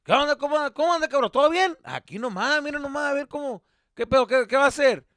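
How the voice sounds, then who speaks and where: A man voicing his gruff working father, who puts on a loud, falsely warm friendliness for a neighbor. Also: very high-pitched, very fast, no room sound, voice pushed up. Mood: fake cheerful. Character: gruff working dad, faking friendly cheer.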